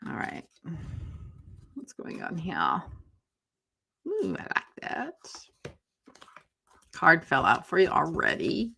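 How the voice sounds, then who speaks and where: A woman with a lower-pitched but bright voice chats on a live tarot stream from her home office. She talks freely and meanders, calling viewers by name and yawning from time to time. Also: huge pitch swings, slow pace, creaky, pauses often, slight background noise. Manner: chatty, rambling, talks to viewers by name, yawns often. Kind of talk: casual chat on a live stream.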